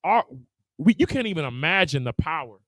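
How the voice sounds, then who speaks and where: Lively high-voiced man preaching. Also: fairly quick, no echo, low-quality recording. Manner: animated, laughing, acting out voices. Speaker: religious teacher.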